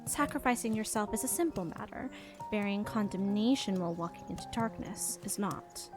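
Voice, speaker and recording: A young woman streamer reading a game's story and dialogue aloud, soft and expressive. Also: medium pitch, fairly quick. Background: game music.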